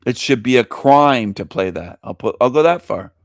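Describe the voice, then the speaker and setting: A man's voice: mid-range voice, lively intonation, normal speed, no room sound, studio quality. A man hosting a talk show, ranting bluntly and scornfully with lots of profanity and repetition. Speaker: show host. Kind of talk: ranting commentary over clips.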